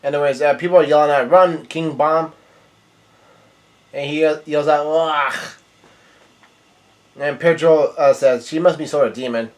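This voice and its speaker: A man's voice: a little high, steady tone, quick pace, hardly any pauses, a little mellow. A young man casually recapping a manga chapter page by page, rambling with lots of fillers and restarts. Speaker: manga reviewer.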